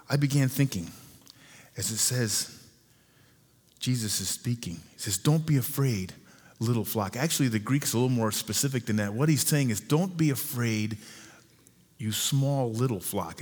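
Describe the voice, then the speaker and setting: A man preaching a sermon as pastor, earnest, repeating and slowing down key lines for emphasis. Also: mid-range voice, darkish tone, breathy edge. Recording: long hall reverb.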